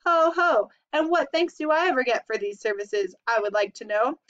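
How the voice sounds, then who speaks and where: A woman's voice: on the high side, lively intonation, brisk, close to an everyday voice. A woman voicing a lazy, sarcastic male rat in a read-aloud storybook, grumbling and mocking. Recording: dull lo-fi recording.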